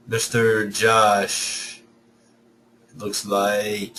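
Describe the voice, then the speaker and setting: Male coding instructor, step-by-step explaining, mid pitch, echoey room, distant mic. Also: steady tone, unhurried, long pauses, fairly bright tone, slight background noise. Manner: talks through code step by step, self-correcting. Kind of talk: live online coding lesson. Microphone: computer mic, sound reported as poor by students.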